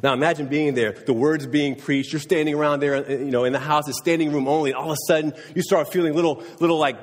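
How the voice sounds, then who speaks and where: A man's voice: fairly high pitch, steady tone, fast, in a large hall. A man preaching a sermon in a conversational way, often checking in with his listeners. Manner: conversational, often asking "right?". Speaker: pastor.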